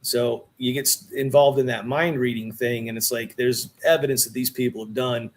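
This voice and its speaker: At a moderate pace and ordinary pitch, a middle-aged man guesting on a podcast tells a long story in a relaxed, animated manner. It's casual storytelling that feels conversational rather than polished, with "dude" surfacing now and then.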